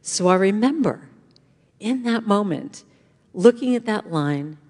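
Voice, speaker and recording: A woman's voice: mid-range voice, a little slow, husky. Woman speaker in a reverberant church hall. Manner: animated storyteller acting out voices. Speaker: guest speaker. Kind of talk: inspirational talk to a congregation.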